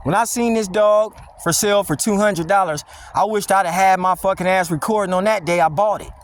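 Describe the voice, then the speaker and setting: A man's voice: high-pitched, brisk. A man filming a casual vlog on a windy wooded walk with his dog, talking in a blunt, mocking, slangy rant. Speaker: dog vlogger. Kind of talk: casual walking vlog monologue.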